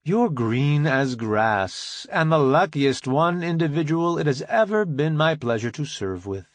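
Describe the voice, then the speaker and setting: A man's voice: fairly high pitch, big pitch swings, a little slow, dry recording. A man voicing a frank female starship engineer. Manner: crisp, formal military address.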